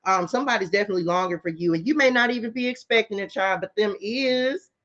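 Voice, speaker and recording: A woman's voice: medium pitch, quick pace, fairly bright tone. A middle-aged woman, giving a casual tarot reading and talking straight to her viewers in a sassy, chatty way. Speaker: spiritual tarot reader. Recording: slightly muffled lo-fi audio.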